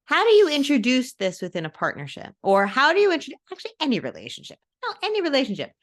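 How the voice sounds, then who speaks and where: A woman's voice: sits high, wildly swooping pitch, fast. A woman hosting a podcast interview, asking rambling, self-correcting questions. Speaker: podcast host. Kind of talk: casual interview.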